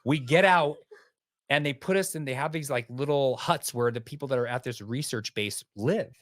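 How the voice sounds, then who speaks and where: Animated male podcast guest, dry close mic. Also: mid-range voice, normal speed, dry recording. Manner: animated, vivid storyteller. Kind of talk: storytelling in an interview.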